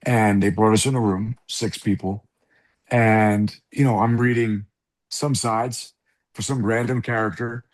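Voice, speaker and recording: A middle-aged man from the South Bronx telling an animated, profane story as an interview guest, acting out the people in it. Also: fairly low pitch, measured pace. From South Bronx, New York. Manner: animated, profane, acts out voices in anecdotes. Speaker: guest actor.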